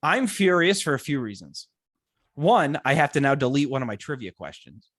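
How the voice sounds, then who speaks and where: A young man co-hosts a podcast in loose, joking chat, his pitch bouncing all over as he tells a story. He sits a little high for a man and slips into playful voices now and then. The sound is close and dry, with no room around it. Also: very animated, normal speed, fairly bright tone, no echo. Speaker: podcast co-host.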